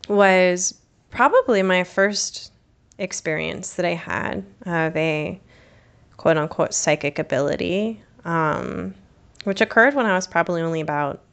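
A young woman from the United States tells a personal story on her podcast, her voice sitting low with a noticeable gravelly fry. She speaks candidly and reflectively, with casual fillers along the way. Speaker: podcast host.

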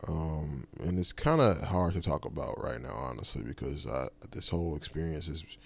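A man's voice: a bass voice, lively intonation, normal speed, creaky. A man hosting his own podcast, casually retelling a personal story in a loose, rambling way with lots of fillers. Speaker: podcast host.

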